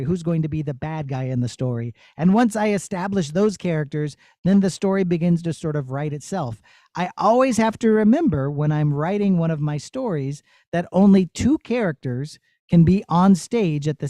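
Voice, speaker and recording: A man who works as a puppeteer, answering children's questions in a playful, animated way on a video call. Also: on the high side, dry recording. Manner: animated, storytelling tone with silly asides.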